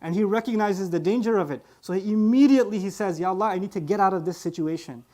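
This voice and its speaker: A man giving a Quranic lesson with a South Asian English accent, telling the story in an animated way and acting out the quoted voices. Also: high-pitched, fast. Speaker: preacher.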